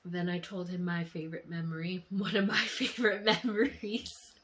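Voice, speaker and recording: A young woman vlogger emotionally retelling a dream in a casual, animated way. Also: on the low side, normal speed, slight background noise. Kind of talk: casual storytelling.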